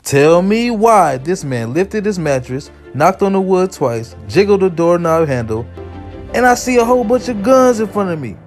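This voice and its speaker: Guy with aave telling a funny hood story, real animated, high then whispery. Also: moderate pace, soft background music. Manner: animated, jumps between a high anxious voice and low whispers. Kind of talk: comedic storytelling with acted voices.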